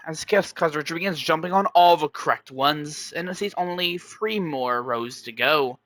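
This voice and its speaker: Young man, amateur story narration, rambling, bright voice, dry close sound. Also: on the high side, moderate pace, few pauses, no room sound. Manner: rambling, restarting, chains of "as".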